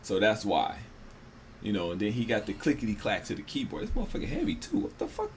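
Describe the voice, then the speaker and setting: A man's voice: lowish voice, wildly swooping pitch, fast talker, a little hiss or hum. A man co-hosting a casual, profane podcast chat at a friend's home, joking and laughing often while sharing one microphone with his co-host. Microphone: one microphone shared by two.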